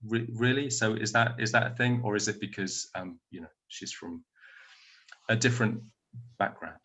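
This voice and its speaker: A man's voice: on the low side, normal speed, bright, forceful tone. A man speaking at an online conference, answering audience questions over a video call from home in a thoughtful, explanatory way.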